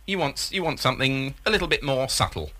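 Man, prank caller, halting and rambling, bright voice. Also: medium pitch, lively intonation. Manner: hesitant, rambling, full of ums. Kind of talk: deadpan prank phone call.

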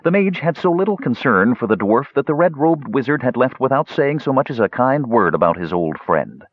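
A man narrating a fantasy audiobook in measured, dramatic storytelling. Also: mid-range voice, sing-song, slightly rough, no room sound. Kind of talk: scripted narration. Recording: dull, dry lo-fi audiobook recording.

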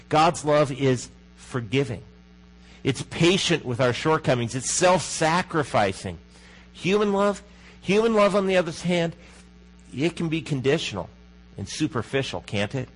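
Man, pastor, sermon, conversational, rhetorical questions, hushed emphasis. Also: on the high side, slightly rough, rough recording. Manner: conversational preaching, asks the congregation questions.

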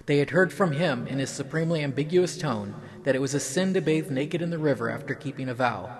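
A man reading a mythological story aloud in an even, measured storytelling voice. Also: fairly high pitch.

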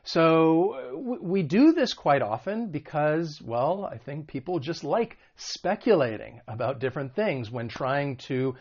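Patient man teaching English vocabulary, slightly higher voice. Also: lively intonation, darkish tone, lo-fi sound. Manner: patient, explains slowly with examples. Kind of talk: online video lesson.

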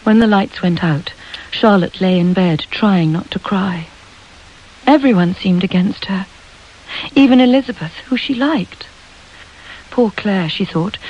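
A woman narrating a storybook in a measured, expressive way. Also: lowish voice, dull audio. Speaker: audiobook narrator.

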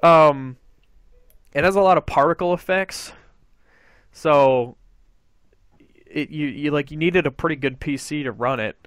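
Brief: man, gaming podcast host, excitable, swears, smooth dry close-mic voice. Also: on the high side, unhurried, pauses often, no room sound. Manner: excitable, swears freely, acts out quotes. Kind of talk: casual gaming podcast chat.

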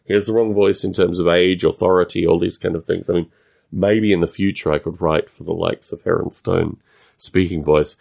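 Low gravelly-voiced man musing aloud. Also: fairly even intonation, darkish tone. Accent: non-American English. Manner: musing, halting, with frequent restarts. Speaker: podcast host. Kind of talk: casual solo monologue.

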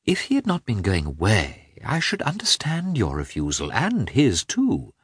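A man reading aloud and voicing an ironic, fashionable society princess, lifting to a high, airy tone. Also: huge pitch swings, measured pace, breathy edge, no room sound, studio quality, exaggerated voice. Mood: affable, ironic.

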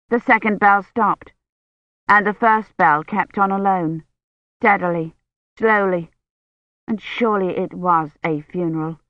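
A woman reading a novel aloud as scripted narration, in a measured storytelling manner. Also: fairly low pitch, dry recording. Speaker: audiobook reader. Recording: tinny phone-like dry sound.

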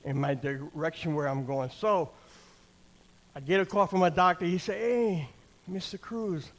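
With a fairly high, fairly bright voice at a moderate pace, an older church speaker delivers a conversational sermon and testimony in plain language. He restarts phrases often and keeps asking the crowd "amen?" and "right?"

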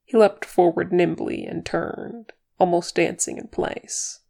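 A woman narrating a chapter of fan fiction as an audiobook reader, measured and expressive. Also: on the low side, vocal fry.

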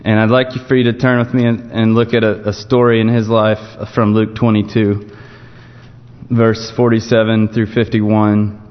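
A man preaching an informal evening sermon, telling a Bible story in a relaxed, conversational way. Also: on the low side, normal speed. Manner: conversational, storytelling with frequent restarts. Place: church sanctuary. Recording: dull muffled sound with long church reverb.

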